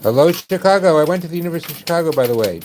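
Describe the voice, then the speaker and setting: Man, livestream host, wry joking chat, slightly high voice, faint room hum. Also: expressive, rapid-fire. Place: gaming club.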